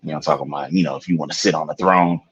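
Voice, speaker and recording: A man's voice: very deep voice, steady tone, racing, a bit bright, husky. A man, co-hosting a podcast in a laid-back, rambling way with lots of fillers. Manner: laid-back, rambling with lots of fillers and "you know what I'm saying". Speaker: podcast co-host. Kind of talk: casual podcast chat. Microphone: video call. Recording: dull lo-fi remote call audio.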